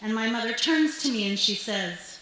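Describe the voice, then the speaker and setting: Bright woman telling a wry stage story. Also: fairly high pitch, lively intonation, normal speed. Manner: wry, comic timing, upbeat. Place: stage at a music club. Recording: heavily echoing club, faint hiss.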